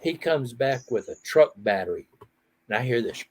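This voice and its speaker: A middle-aged man hosting a casual outdoor chat, telling animated stories and laughing often. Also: mid-range voice, moderate pace. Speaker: host.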